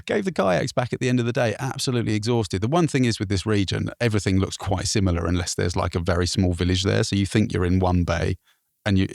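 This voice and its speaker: A man from England telling a travel story on a podcast, animated and laughing, swearing now and then. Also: on the low side, fast talker, vocal fry, dry recording, studio quality. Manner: animated, laughing, swears, puts on voices for others.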